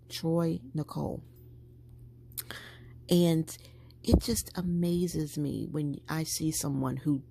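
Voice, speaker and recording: Low gravelly woman chatting to viewers. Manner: chatty, animated, talking to viewers while packing a bag. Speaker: vlogger. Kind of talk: casual chat.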